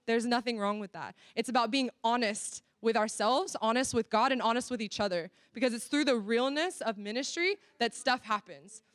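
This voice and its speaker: An earnest woman speaks candidly at a church workshop, leaning on casual fillers as she goes. Her voice sits a little high and comes through smooth and clear. The sound is dry and close. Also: fairly bright tone, no room sound. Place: church venue.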